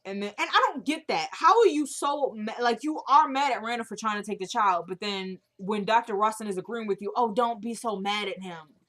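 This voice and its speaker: A woman's voice: a little high, brisk, few pauses, a bit bright. A woman casually recapping a TV drama episode, opinionated and chatty, acting out characters' lines as she retells the scenes. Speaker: show recap host.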